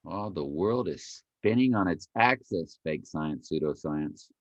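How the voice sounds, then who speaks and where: A man's voice: low voice, animated, a little slow, muffled recording. A man giving casual, playful commentary over a video he plays, repeating phrases in a mock chant and breaking into sudden exclamations.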